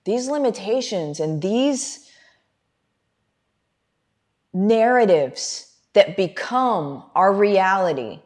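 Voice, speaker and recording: A woman's voice: medium pitch, expressive, very slow, pauses often, a little mellow. A middle-aged woman hosting a motivational livestream, talking fervently and directly to her viewers in a preachy way. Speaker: business coach and livestream host.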